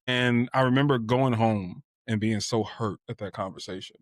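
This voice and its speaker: This podcast clip features a man in his twenties, medium in pitch and normal in speed, barely pausing as he candidly recounts something personal. Filler phrases like "you know" run through his reflective, casual story. The sound is dry and studio-clean.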